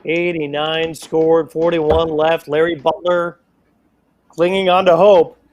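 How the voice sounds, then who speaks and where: A man calling a darts match live as play-by-play commentator, excitable and playful, with self-mocking asides. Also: fairly high pitch, slow, a little hiss or hum.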